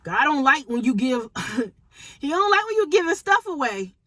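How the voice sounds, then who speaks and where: A woman's voice: sits high, very animated, moderate pace, a bit bright, no echo. A woman preaching informally to camera in a conversational, emphatic way, repeating phrases for emphasis. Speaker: prophetic teacher.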